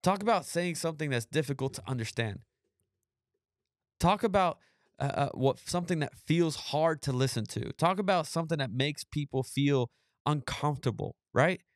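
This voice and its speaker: A man's voice: on the high side, lively intonation, moderate pace, no echo, clean studio sound. Emphatic man preaching on a podcast. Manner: emphatic, repeats phrases for emphasis. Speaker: podcast host. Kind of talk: preachy commentary with scripture reading.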